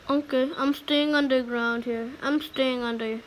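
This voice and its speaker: A woman's voice: high-pitched, steady tone, measured pace, few pauses, slight background noise. A woman gamer giving chatty, exclaiming, slangy commentary as she plays. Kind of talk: casual let's-play commentary.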